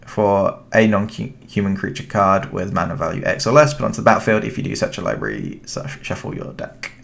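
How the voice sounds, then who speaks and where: A young British man gives relaxed commentary on his card game, talking to himself and his opponent as he plays. His voice sits low with plenty of gravelly fry. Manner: relaxed, thinking aloud, chatty with the opponent. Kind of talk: casual gameplay commentary.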